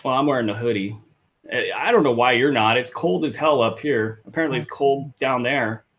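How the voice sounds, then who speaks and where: Brief: male podcast co-host, mid-pitched voice, rambling joking delivery. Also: fairly quick, fairly bright tone. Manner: joking, rambling, self-deprecating. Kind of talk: casual live podcast chat.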